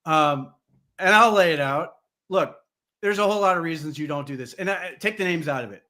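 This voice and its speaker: A man's voice: on the high side, a little fast, pushed and bright. A man co-hosting a sports podcast, talking casually with lots of "like" and "you know". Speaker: podcast co-host.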